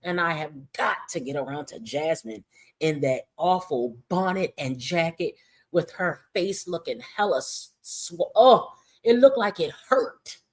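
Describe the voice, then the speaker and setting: A woman's voice: low voice, expressive, unhurried. A woman hosting casual livestream commentary, talking in a profane, mocking way.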